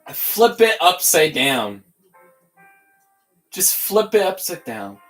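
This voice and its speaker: A man hosting a casual livestream tutorial, talking in an excitable, giddy, rambling way. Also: on the high side, takes it slowly, soft background music. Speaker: livestream host building toys.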